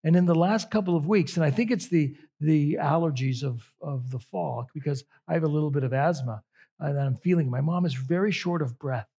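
Husky-voiced man preaching slowly. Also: fairly high pitch, dark tone. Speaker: pastor. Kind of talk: sermon.

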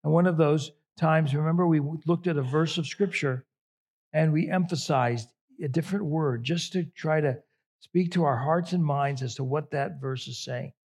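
A man's voice: a little high, moderate pace, darkish tone, husky. A man preaching a sermon as a pastor, conversational and emphatic, drawing out key phrases.

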